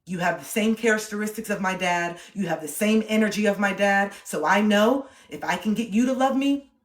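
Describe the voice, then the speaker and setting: In an echoey room, a woman with a medium-pitched voice speaks briskly on a livestream, giving relationship advice. She's emphatic and repeats her points, acting out quoted voices.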